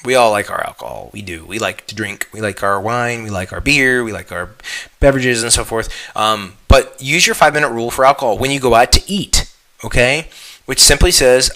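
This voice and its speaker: A man coaching through an online fitness lesson, his voice bright and forward. He talks directly to the listener, checks in with a quick "okay?", and leaps up in pitch when he drives a point home. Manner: animated, voice jumps up on emphatic questions.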